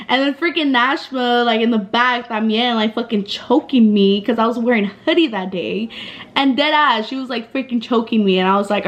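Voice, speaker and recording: A woman's voice: a little high, a little fast. A woman in her twenties telling a casual storytime vlog in a chatty, slangy way, with lots of fillers and swearing. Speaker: vlogger.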